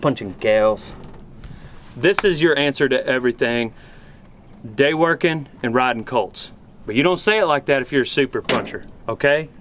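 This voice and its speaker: A man with a drawl giving a mock-serious, deadpan comedic talk as a cowboy vlogger. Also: medium pitch, moderate pace, slight background noise.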